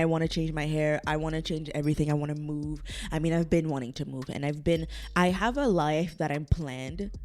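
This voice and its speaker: A young woman hosting her own podcast, chatting casually and emotionally, teary from crying, rambling and laughing. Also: darkish tone. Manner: emotional, rambling, laughing, breaks into high squeals. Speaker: podcast host. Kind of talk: casual solo podcast chat. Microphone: camera set-up, seen on video.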